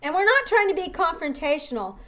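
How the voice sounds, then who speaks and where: A woman dental practice trainer teaching a live coaching seminar, animated and instructive, quizzing her audience. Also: very high voice, a little fast.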